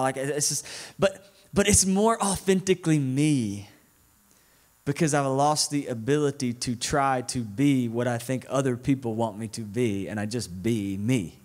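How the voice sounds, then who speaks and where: A man with a Southern US accent preaching a sermon in a casual, conversational way, often checking in with "right?". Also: mid-range voice. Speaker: guest preacher.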